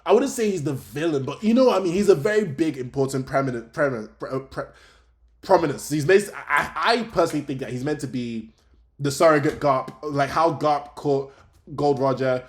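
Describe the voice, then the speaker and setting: A young adult man, chatting casually and excitably as host of a fan review talk show, often laughing. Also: a little high, fairly quick.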